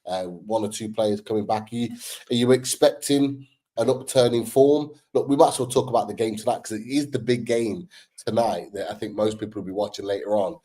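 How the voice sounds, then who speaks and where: A man in casual football chat, relaxed, trailing off with ums as he talks. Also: fairly low pitch, quick pace, breathy edge.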